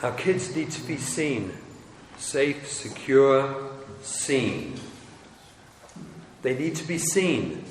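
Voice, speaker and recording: A man's voice: high voice, fairly bright tone. A man, a rabbi, lecturing parents in an emphatic, wry, teasing way. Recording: echoey hall with faint noise.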